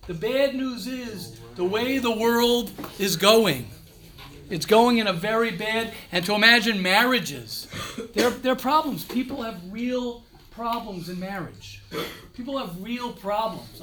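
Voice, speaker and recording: Emphatic high-voiced man rabbi. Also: expressive, normal speed, pushed and bright, a little hiss or hum. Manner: emphatic, repeats phrases, mixes in Hebrew and Yiddish words. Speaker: rabbi giving a talk to yeshiva students. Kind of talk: informal talk to students.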